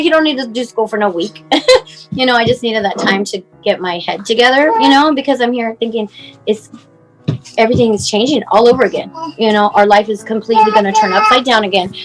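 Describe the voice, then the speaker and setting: A woman's voice: medium pitch, low-quality recording. A woman in her forties, a mother telling her son's story as a guest, talking in a rambling way full of "like" and "you know", on a clip-on mic. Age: 40s. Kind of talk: emotional personal account.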